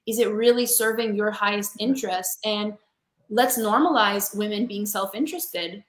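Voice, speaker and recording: Interviewed as a guest over a video call in an echoey room, a woman who coaches women in sales speaks at normal speed in a mid-range, slightly bright voice. She's passionate and emphatic in a motivational way and calls listeners "honey."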